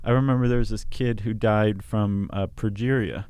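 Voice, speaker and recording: A man's voice: on the low side, fairly even intonation, moderate pace, a little mellow, clear, resonant tone, no room sound. A man co-hosting a podcast in casual chat, with dry joking asides. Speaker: podcast co-host.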